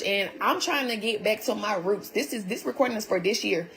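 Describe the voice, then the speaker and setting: A woman's voice: mid-range voice, lively intonation, brisk, a bit bright. Heated, blunt woman talking to viewers. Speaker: vlogger recapping her relationship. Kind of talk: casual storytime talk to viewers.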